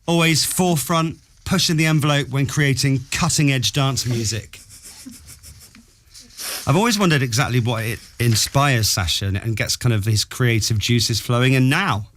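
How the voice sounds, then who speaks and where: A man's voice: mid-range voice, normal speed, a bit bright, a little hiss or hum. A man hosting a radio comedy game, teasing and upbeat in studio banter. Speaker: radio show host. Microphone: studio mic.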